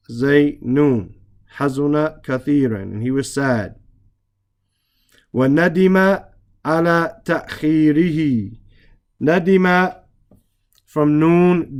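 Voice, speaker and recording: With a clean tone and a voice a little high, a man teaches Arabic reading. He works slowly and patiently, translating lines, explaining grammar, repeating words, and spelling out individual letters.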